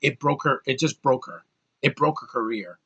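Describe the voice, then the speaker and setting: Ranting man with a bright, tense voice. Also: medium pitch, normal speed, gravelly, breathy edge, dull audio. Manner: heated, blunt, repeats and restarts words. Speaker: movie reviewer. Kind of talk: casual ranting film review.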